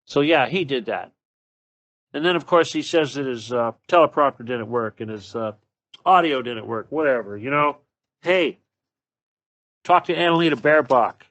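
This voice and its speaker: A man rants alone into the mic, angry and foul-mouthed, with a mocking, sarcastic edge. His voice sits at an ordinary middle pitch. The sound is close and dry, with no room echo. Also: expressive, moderate pace, long pauses, a bit bright. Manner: angry, profane and blunt. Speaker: show host. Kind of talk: solo political rant.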